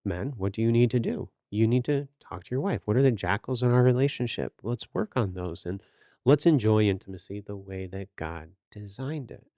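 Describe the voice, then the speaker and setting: A man's voice: lowish voice, animated, normal speed, warm tone, no room sound. A man hosting a podcast, giving earnest, sermon-like Bible teaching with rhetorical questions and direct exhortation. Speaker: podcast host teaching scripture.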